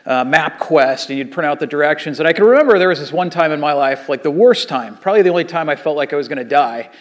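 A man in his thirties, an associate pastor, telling a story in a sermon in a casual, animated way with many fillers. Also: on the high side, quick pace.

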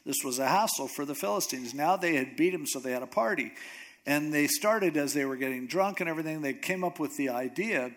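A man preaching a sermon, retelling a story in a lively, joking way with asides. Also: on the high side, brisk.

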